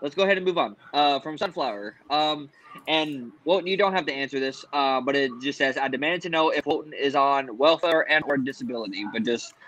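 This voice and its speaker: A man's voice: medium pitch, a little fast, fairly bright tone, rough recording. A man moderating a livestream debate, easygoing and reading out viewer super chats. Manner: easygoing, filler-heavy.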